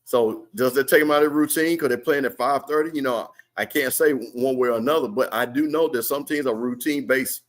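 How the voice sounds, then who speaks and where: A man hosts a live game watch party, commentating casually in loose, slangy talk and reading out viewer comments. His medium-pitched voice moves fairly quickly with few pauses.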